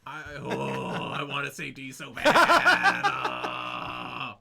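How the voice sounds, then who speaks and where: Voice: mid-range voice, wildly swooping pitch, drawn-out words, creaky, a crowd in the background. A co-host in a casual film chat, giggling often and talking in a sheepish, self-deprecating way.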